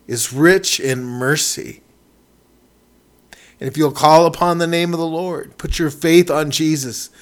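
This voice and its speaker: A man preaching a sermon with fervor, repeating phrases and swinging between loud declarations and hushed asides. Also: fairly high pitch.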